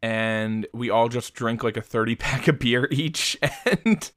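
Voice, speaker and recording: A man's voice: mid-range voice, unhurried, fairly bright tone, clear, resonant tone, dry recording, studio quality. Laid-back rambling young man. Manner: rambling, laid-back, swears and laughs often. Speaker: podcast co-host. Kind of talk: casual chat.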